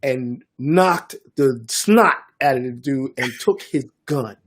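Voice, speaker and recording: An older man, a DJ and producer telling a story in a casual interview, animated and acting out the voices of others. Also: mid-range voice, slow pace. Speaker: guest DJ and producer.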